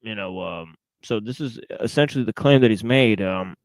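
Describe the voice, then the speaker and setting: A man's voice: lowish voice, normal speed, no room sound. A man hosting a podcast in casual chat, hesitant and full of fillers, sounding incredulous. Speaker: podcast host.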